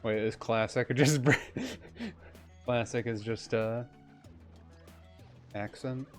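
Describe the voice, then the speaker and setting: A man streams a video game live, rambling and musing aloud in casual commentary. His voice sits at a middle pitch and his mic is soft. Loud game music plays over him. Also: takes it slowly.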